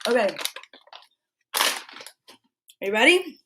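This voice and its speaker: An older woman chats on a relaxed home live stream, her voice sitting a little high. She talks to the viewers and breaks into fond baby talk with her dog. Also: moderate pace, long pauses, a little hiss or hum. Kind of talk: casual live stream chat.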